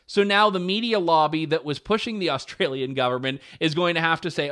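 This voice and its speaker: A man's voice: on the high side, fairly quick, few pauses, fairly bright tone. A young man hosting a talk radio show, delivering opinion commentary with wry, sarcastic asides and chuckles.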